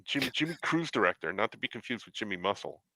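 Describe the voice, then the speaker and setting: A man hosting a casual chat, telling an excited story and acting out the dialogue. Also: on the low side, fast talker, no echo. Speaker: host.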